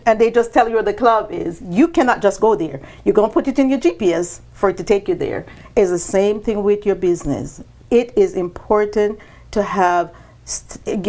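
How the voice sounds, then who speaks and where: Animated woman telling her business story. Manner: animated, acts out quoted dialogue with sudden high pitch jumps. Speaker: business owner guest. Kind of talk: podcast interview storytelling.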